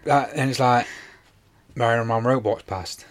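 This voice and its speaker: A man's voice: mid-range voice, fairly even intonation, unhurried, heavy background noise. A man, casually retelling a TV episode on a podcast, rambling with many fillers. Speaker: podcast co-host. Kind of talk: casual chat.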